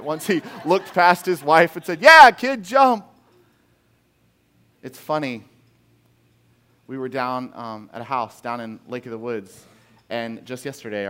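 A middle-aged man preaching a sermon as pastor, animated, acting out quotes with big swings in volume. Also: mid-range voice, clean tone.

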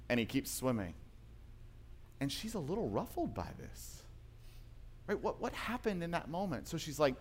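A male pastor preaching a sermon in a church, moving from emphatic points to quiet, intimate storytelling. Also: mid-range voice, animated, a little fast.

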